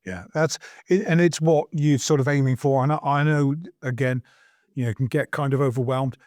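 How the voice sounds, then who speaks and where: A man's voice: mid-range voice, fairly even intonation, a little fast, a little mellow, dry recording, clean studio sound. A man co-hosting a casual podcast chat, rambling and self-deprecating as he acts out little everyday scenes. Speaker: podcast co-host, artist.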